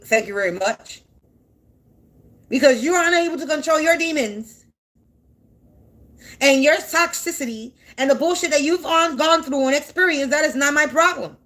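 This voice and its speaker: A woman's voice: high voice, animated, normal speed, a bit bright. A woman in her forties gives an unscripted monologue to camera. She is defiant and blunt, swears freely, and hammers her points home through repetition. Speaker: spiritual content creator.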